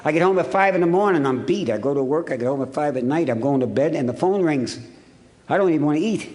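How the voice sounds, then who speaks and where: Gruff, blunt storytelling man from Ohio. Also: fairly high pitch, quick pace. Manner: blunt and gruff, swears freely, animated storytelling. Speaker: recovery meeting speaker. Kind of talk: storytelling talk to an audience.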